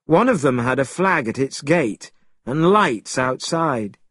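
A man narrating a storybook in a slow, expressive reading style. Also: mid-range voice, husky, dry recording, clean studio sound.

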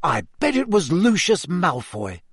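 A man voicing a blunt, irritable teenage boy wizard in a storybook reading, loud and incredulous. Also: high-pitched, wildly swooping pitch, unhurried, breathy edge, no room sound, clean studio sound, pitched above the performer's own voice, full character voice.

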